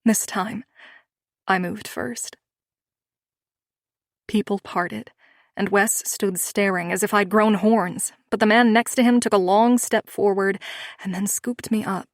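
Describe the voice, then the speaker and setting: A woman narrating a romance audiobook in the first person, with a measured, expressive reading. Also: medium pitch, no echo, clean studio sound.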